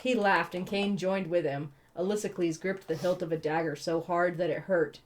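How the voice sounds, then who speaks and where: A woman's voice: on the low side, fairly even intonation, moderate pace, few pauses. A woman co-hosting a comedic book read-along, reading aloud with profane, laughing asides.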